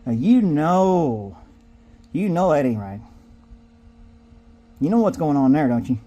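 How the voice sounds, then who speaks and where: A man's voice: on the high side, big pitch swings, takes it slowly, dark tone. A man telling a rambling comic story in a drawling, folksy way, acting out the people in it. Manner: drawling, folksy, digressive, acts out characters. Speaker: comedic storyteller.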